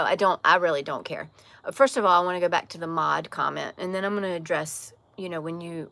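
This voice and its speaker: A woman's voice: fairly low pitch, creaky, a bit bright, no room sound. A woman with a slight Southern accent, hosting a casual livestream from an outdoor porch and talking candidly to viewers' comments, often restarting her sentences. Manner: candid, frank, with frequent restarts and trailing phrases. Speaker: livestream host.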